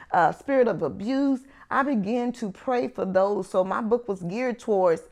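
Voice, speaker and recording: A woman's voice: medium pitch, vocal fry, a little mellow. A woman sharing a personal faith testimony in an earnest storytelling manner, acting out the dialogue she recalls. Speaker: ministry founder sharing testimony.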